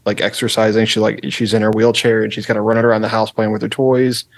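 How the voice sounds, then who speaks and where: Rambling young dad co-hosting a podcast. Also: male voice, lowish voice, fast talker, dry recording. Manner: relaxed, rambling with many fillers. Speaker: podcast co-host. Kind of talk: casual chat.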